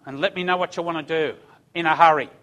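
An older man voicing a firm, practical grandmother giving brisk orders. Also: a little high, fairly even intonation, fairly bright tone, natural voice. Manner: brisk, bossy instructing.

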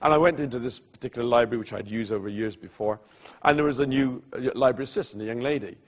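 In a storytelling sermon, a man with a medium-pitched voice and quick pace recounts a personal story with animation, voicing the people in it. At solemn moments he goes hushed and quiet.

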